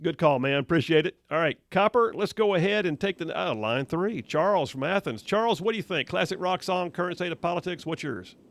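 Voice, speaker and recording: Male talk radio host, gravelly, slightly high voice, dry close studio mic. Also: expressive, no echo. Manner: upbeat, quick banter with callers, frequent laughs.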